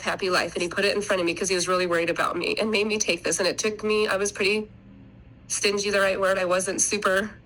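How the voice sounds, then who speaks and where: A middle-aged mother of three, guesting on a podcast, tells her family story in an earnest, rambling way during a casual interview, often restarting her sentences. Her mid-range voice is a bit bright, and the recording quality is low.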